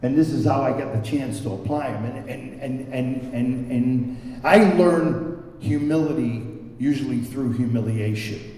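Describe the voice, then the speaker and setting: A man's voice: medium pitch, measured pace, warm tone. A man speaking candidly and self-deprecatingly at a recovery meeting, telling a personal story and often repeating words as he searches for them. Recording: echoey hall recorded from far off.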